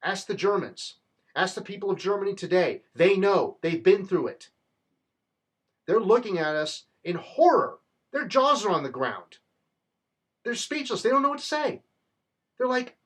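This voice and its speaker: Husky-voiced man giving a fervent political rant. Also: on the high side, lively intonation, normal speed. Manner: fervent, rallying, rhetorical. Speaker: political commentator. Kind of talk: impassioned political monologue.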